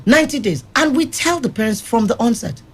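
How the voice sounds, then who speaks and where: A woman's voice: a little high, expressive, a little fast, husky. A woman who runs a rehab center, telling firm, vivid stories on a radio studio panel. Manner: firm, vivid anecdotal storyteller. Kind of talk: studio panel discussion, storytelling.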